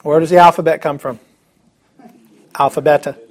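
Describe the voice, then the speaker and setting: High-voiced upbeat man teaching a class. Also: steady tone, moderate pace. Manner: upbeat, chatty, joking asides. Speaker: Greek teacher. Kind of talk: classroom lesson.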